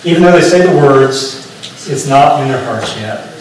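A man's voice: medium pitch, lively intonation, moderate pace, slight background noise. A male pastor preaching a sermon in a conversational, explanatory way, often restarting phrases. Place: church sanctuary. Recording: echoey church from far off.

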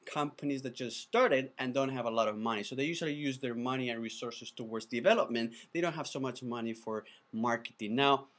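A man who is not a native English speaker, pitching his video course in an enthusiastic, chatty way, often restarting his words. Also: fairly quick, hardly any pauses, a bit bright. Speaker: animated video producer teaching a course. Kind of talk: casual course pitch to camera.

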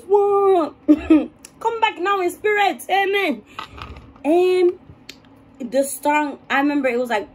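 A young woman vlogger telling a story in a casual, animated and dramatic way. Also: sits high.

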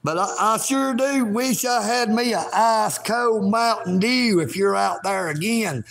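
A man, vlogging outdoors at a park in a folksy, rambling way that bursts into shouting. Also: sits high, measured pace, vocal fry, faint music behind. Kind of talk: rambling livestream vlog.

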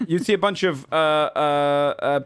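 A man's voice: a little high, measured pace, clear, resonant tone, no room sound. A man running a tabletop game as game master, describing scenes with lots of ums and uhs. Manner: rambling with many fillers.

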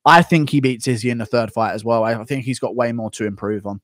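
A man's voice: medium pitch, fast, fairly bright tone, dry recording, studio quality. Young man streaming, blunt and rambling. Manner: blunt, rambling, reads donations. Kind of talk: casual live-stream chat.

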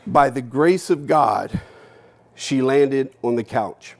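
A man delivering an emotional keynote in a lecture hall, mid-pitched and blunt. He swears without apology and swings between loud emphasis and near-whispers as he tells his story. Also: expressive, takes it slowly, vocal fry. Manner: blunt, candid, swears freely, shifts between loud and hushed. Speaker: keynote speaker.

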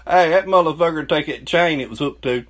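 A man's voice: a little high, fairly quick, a bit bright, low-quality recording. A man with a Southern US accent telling a crude, boastful story, swearing constantly and breaking into laughter. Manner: profane, boastful, laughs often. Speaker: channel host telling a story.

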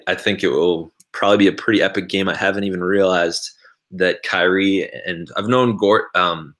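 Vlogger, male, deep voice, loose livestream chatter while he edits, reads chat aloud. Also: fairly bright tone. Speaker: vlogger livestreaming his editing.

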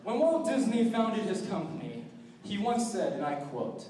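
A teenage boy from California giving jokey, lively stage patter at a high school talent show, heard from far off in a hall. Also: moderate pace, slight background noise. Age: teens. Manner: jokey, lively emcee delivery. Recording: echoey hall from far off with crowd.

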